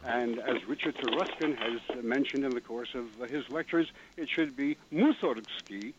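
A man's voice: medium pitch, moderate pace. Precise male caller on a noisy line. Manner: precise, hesitant with fillers. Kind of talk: phone-in call. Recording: dull phone line with clicks.

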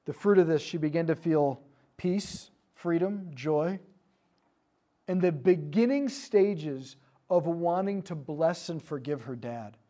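A man teaching a group, telling a story about inner-healing prayer and dropping to hushed tones for quoted prayers. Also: a little high, animated, takes it slowly. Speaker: speaker leading a prayer ministry session.

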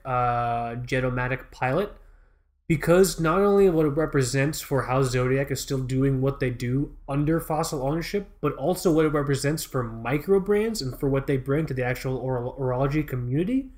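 A man's voice: mid-range voice, normal speed. A man co-hosting a podcast in casual chat. He rambles with enthusiasm, restarts his sentences and swears freely. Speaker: podcast co-host.

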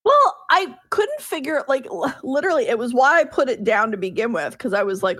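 A woman co-hosting a casual gaming podcast, telling animated stories, laughing often and swearing casually. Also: a little high, brisk, hardly any pauses, no room sound, clean studio sound. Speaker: podcast co-host.

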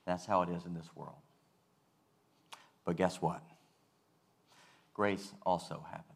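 A male pastor giving a sermon, earnest and measured, repeating key phrases for weight. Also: low voice, steady tone, vocal fry, breathy edge.

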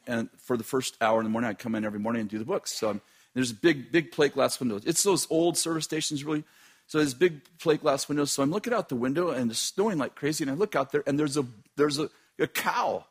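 A man's voice: a little high, husky. A man who runs a business telling a long funny story in a casual way, laughing often as he talks.

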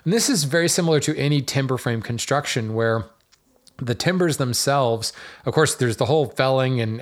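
A man hosts his own podcast in a relaxed, rambling solo talk, full of "um"s and wry asides at his own expense. His voice sits at an ordinary middle pitch for a man. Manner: chatty and digressive, with fillers and self-deprecating asides. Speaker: podcast host.

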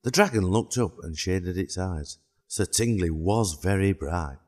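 A man narrating a children's storybook in a calm, even way. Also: deep voice, a little slow.

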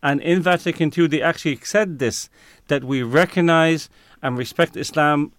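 A man speaking as a guest on a talk show, his voice smooth and clean and close to the mic with no room sound. He pauses to hunt for words and often restarts his sentences. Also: a little high, fairly bright tone, no room sound. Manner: searches for words, frequent fillers and restarts. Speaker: interview guest. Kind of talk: conversational interview answer.

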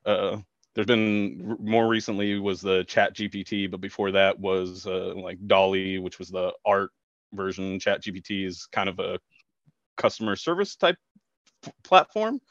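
A man co-hosting a podcast in casual chat, speaking in a thoughtful, halting way with many fillers, over muffled call audio. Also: low-pitched, a bit bright, no echo. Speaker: podcast co-host.

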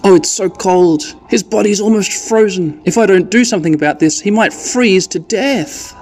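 A man's voice: sits high, moderate pace, darkish tone, soft background music, voice pushed up. A man voicing a small, loyal furry male monster companion in an earnest, raised voice. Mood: worried.

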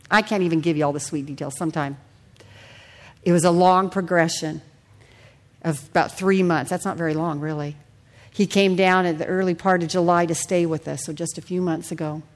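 A middle-aged woman preaching a sermon, telling a personal testimony and putting questions to the congregation. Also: on the low side.

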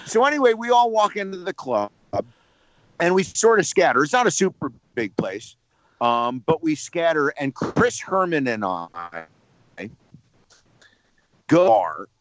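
A man from New Jersey, a radio personality calling in to tell a lively anecdote, repeating words as he builds up the story. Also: a little high, measured pace, pauses often, no echo.

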